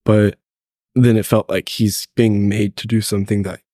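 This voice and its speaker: A man's voice: fairly low pitch, flat delivery, moderate pace, dark tone, slightly rough, no room sound, studio quality. A teenage boy, congested with a cold, answering faith questions thoughtfully and a bit hesitantly as a podcast guest. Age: teens. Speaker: guest, host's son. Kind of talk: casual faith podcast conversation.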